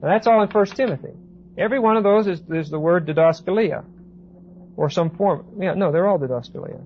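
A man giving a Bible class lecture, reading verses slowly with emphasis and then explaining them in casual asides. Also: high voice. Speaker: Bible teacher. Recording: dull lo-fi recording with faint hiss.

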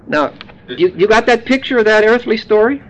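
A man's voice: high voice, expressive, brisk, slight background noise. A man preaching a sermon, explaining words in a folksy, joking teaching manner. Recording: dull lo-fi sound.

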